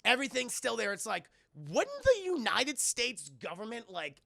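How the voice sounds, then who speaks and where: A man giving a casual, profane livestream film review, excitable and often talking to his chat while acting out characters in loud voices. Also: extremely high pitch, moderate pace, creaky, no room sound, clean studio sound.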